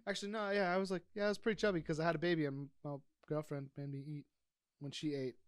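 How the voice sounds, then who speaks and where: A young man co-hosting a casual podcast, telling stories fast and acting out quoted lines. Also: fairly high pitch, clean tone, dry recording, clean studio sound. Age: young adult. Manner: fast, excitable storytelling with quoted voices. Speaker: podcast co-host. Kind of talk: casual chat.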